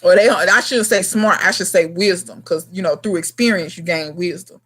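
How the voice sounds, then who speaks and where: A woman's voice: lowish voice, normal speed, a bit bright, breathy edge. A woman in her thirties hosting a casual livestream chat, talking bluntly to her viewers in slangy, emphatic speech. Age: 30s. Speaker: gardening channel host.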